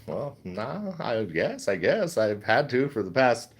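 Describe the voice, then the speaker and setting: A man's voice: medium pitch, very animated, unhurried, slightly rough. A middle-aged man chatting casually on a livestream, reading chat, rambling and laughing often.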